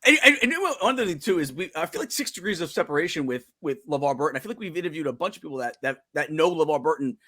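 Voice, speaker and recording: Rapid-talking male talk-show host. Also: fairly high pitch, animated, pushed and bright. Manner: rambling, filler-heavy and eager. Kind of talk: casual interview chat.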